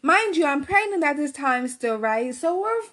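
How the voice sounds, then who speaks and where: A woman's voice: high-pitched, very animated, normal speed, fairly bright tone. A woman telling a personal story to her viewers in a casual, rambling way, swearing freely and filling her talk with "like" and "right?". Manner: candid, profane, rambling with many fillers.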